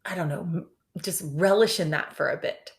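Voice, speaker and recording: A woman's voice: fairly low pitch, normal speed. Chatty, laughing woman podcast co-host. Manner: chatty, laughing often, lots of "like" fillers. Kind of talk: casual chat recapping a reality show.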